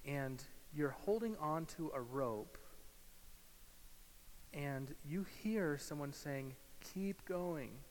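A male pastor preaching a sermon, swinging from loud emphasis to hushed, slow guided imagery. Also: a little high, lively intonation. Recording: hall reverb with faint hiss.

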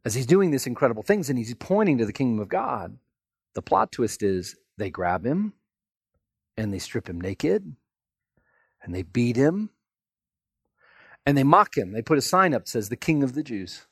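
Male pastor, lively storytelling sermon, husky tone, dry close sound. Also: medium pitch, moderate pace, long pauses, no echo. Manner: animated storytelling, acts out voices.

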